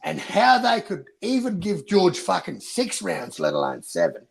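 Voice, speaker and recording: A man's voice: high-pitched, wildly swooping pitch, moderate pace, gravelly, poor audio. An Australian man, a boxing YouTuber, arguing passionately in casual debate and swearing a lot.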